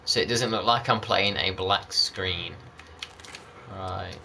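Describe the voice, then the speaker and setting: A man's voice: low-pitched, slow, vocal fry, pushed and bright, slight background noise. A man chatting casually over gameplay as a channel host, rambling and greeting viewers by name.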